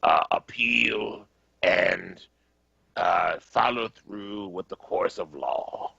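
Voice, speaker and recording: A man doing an impression of a grumbling older male senator, slow and groveling, on a dull lo-fi radio stream. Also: sits low, gravelly, sharp tone, slightly rough, no room sound, exaggerated voice.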